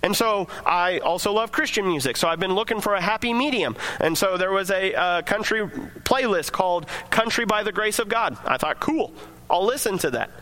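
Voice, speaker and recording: A man's voice: high-pitched, lively intonation, moderate pace, pushed and bright. A man preaching a sermon to his congregation in a conversational way, acting out quoted voices as he reads and explains scripture. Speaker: pastor.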